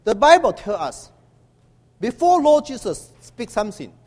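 The hall's long echo trails a male preacher whose high voice is full of animation. Halting, with lots of "uh" fillers, he works the congregation through emphatic call-and-response in his sermon.

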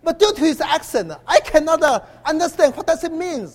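High lively preacher in a reverberant hall. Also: male voice. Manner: halting with many uh fillers, emphatic call-and-response. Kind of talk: sermon.

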